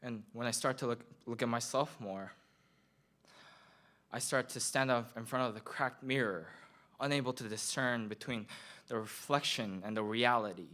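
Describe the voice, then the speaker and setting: Young man, Korean accent, earnest slam poet reading his own verse at a school event, mid-range voice, steady and measured. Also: medium pitch. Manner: earnest, measured, repeats phrases for effect. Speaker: student poet. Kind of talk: slam poetry performance.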